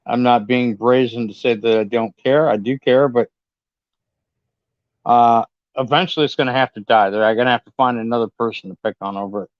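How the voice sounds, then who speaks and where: A man's voice: medium pitch, steady tone, fairly quick, dry recording. Defiant man on a dry, dull mic. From California. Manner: defensive, defiant, plain-spoken with swearing. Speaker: guest on a livestream. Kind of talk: casual livestream chat. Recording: dry, dull lo-fi stream audio.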